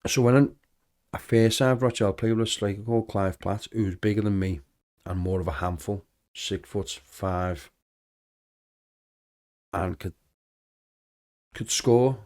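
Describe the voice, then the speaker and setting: A man, a former footballer, telling lively anecdotes in a casual podcast interview, acting out the dialogue. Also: lowish voice, a little slow, long pauses. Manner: animated anecdotes with acted-out dialogue.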